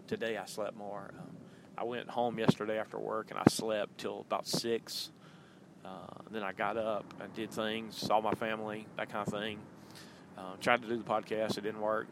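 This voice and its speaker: Low, gravelly man hosting a casual podcast from behind the wheel, loose and filler-heavy. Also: noisy background. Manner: loose and chatty, many ums and uhs. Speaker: podcast host. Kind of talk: casual rambling monologue. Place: in a car while driving.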